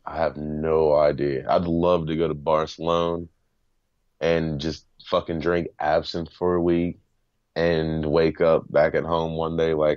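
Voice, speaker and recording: A man's voice: rumbling low, level tone, a little slow, no room sound. A man from Ohio, a rap artist guest on a podcast, chatting in a laid-back way with lots of swearing and laughter. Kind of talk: casual interview chat. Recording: slightly dull, muffled sound.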